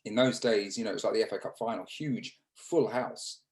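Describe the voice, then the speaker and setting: An English man in his fifties, a former cricketer, telling stories in a casual interview over a video call, halting with restarts and fillers. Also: lowish voice, poor audio. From England.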